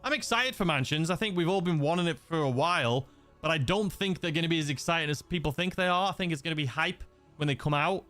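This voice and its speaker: A man's voice: a little high, fast talker, a bit bright, faint music behind. A young man from England with a mixed, slightly Scouse-leaning accent, chatting casually as a gaming livestream host, rambling with many fillers and restarts. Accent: mixed English, slightly Scouse-leaning. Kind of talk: casual livestream chat reading viewer messages.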